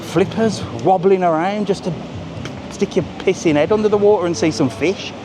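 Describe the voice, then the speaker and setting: A man's voice: sits high, moderate pace, background noise. Chatty British man vlogging on the street. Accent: British English. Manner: chatty, cheeky, swears lightly. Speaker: travel vlogger. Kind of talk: live walking vlog. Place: busy seafront street at night, outdoors. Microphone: small camera carried while walking. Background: street music.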